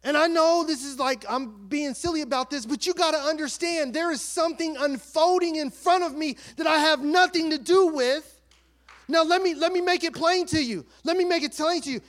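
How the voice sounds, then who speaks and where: A middle-aged man preaching a storytelling sermon as pastor, swinging from hushed asides to loud emotional outbursts. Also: very high voice, moderate pace.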